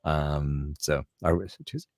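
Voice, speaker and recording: Middle-aged male voice actor, very low voice, close dry sound, lively storyteller who drops into quick impressions. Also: no echo. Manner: animated anecdotes, slips into character voices for quotes. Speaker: voice actor guest. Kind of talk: casual storytelling chat.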